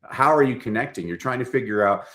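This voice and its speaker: Fast-talking and mid-range in pitch, this middle-aged storytelling coach joins a podcast as a guest for a lively conversation, animatedly performing quoted lines in assorted voices.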